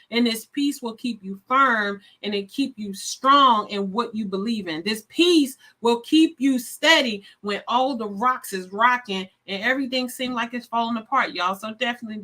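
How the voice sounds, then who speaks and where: A woman hosting a live stream, speaking warmly and effusively straight to her viewers, a little sleepy. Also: mid-range voice. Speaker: live show host. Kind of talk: casual live-stream sign-off.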